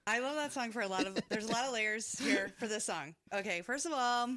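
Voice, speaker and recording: A woman's voice: a little high, a little fast, pushed and bright, no room sound, studio quality. A woman hosting a casual chat, giggly and full of fillers. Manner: chatty, giggly, filler-heavy.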